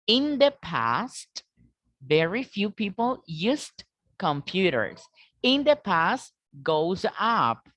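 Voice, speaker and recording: Slow-talking woman teacher on a video call. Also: on the low side, fairly bright tone, no room sound. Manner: patient, repeats and checks with students. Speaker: English teacher. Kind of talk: online class instruction.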